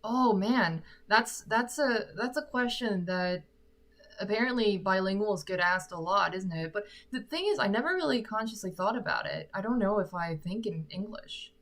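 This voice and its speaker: A woman's voice: mid-range voice, normal speed, a bit bright. Chatty woman with an American accent. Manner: chatty and self-deprecating. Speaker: singer and livestream host. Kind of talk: casual livestream Q&A. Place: her room at home. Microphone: sock-covered microphone.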